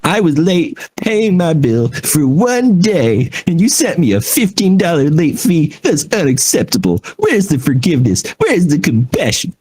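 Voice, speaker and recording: A man's voice: on the high side, huge pitch swings, measured pace, few pauses, darkish tone, husky, voice pushed up, exaggerated voice. A man voicing a grumpy middle-aged male customer who rants indignantly about a fee. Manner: indignant ranting.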